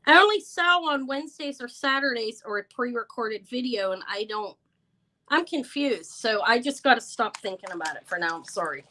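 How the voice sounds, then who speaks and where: A woman's voice: fairly high pitch, lively intonation, moderate pace, sharp tone, rough recording. Flustered, tired woman selling jewelry live. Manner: flustered and apologetic, stumbling restarts. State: tired and stressed. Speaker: jewelry seller hosting a live sale. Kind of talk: live-stream sales chat.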